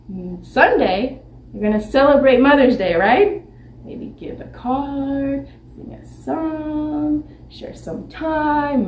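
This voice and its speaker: A woman teaching young children in an online lesson, talking slowly with lots of questions and sounding out letters. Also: sits high, a little mellow, a little hiss or hum. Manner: slow, sing-song teacher talk with many questions. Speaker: preschool teacher.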